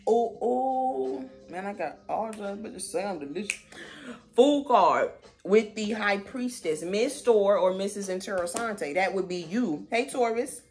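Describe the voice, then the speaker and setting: A woman giving a casual tarot reading in a sassy, slangy manner with animated asides. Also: fairly low pitch, background noise. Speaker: tarot reader.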